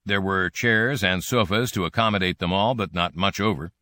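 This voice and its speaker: Male narrator, wry, lower pitch, bright tone, dry close sound. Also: moderate pace, no room sound. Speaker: audiobook narrator. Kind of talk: scripted narration.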